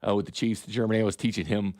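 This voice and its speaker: A man's voice: lowish voice, fairly even intonation, racing, a little mellow, no echo. A man co-hosting a sports radio show, bantering casually with blunt, ranting complaints into a studio microphone.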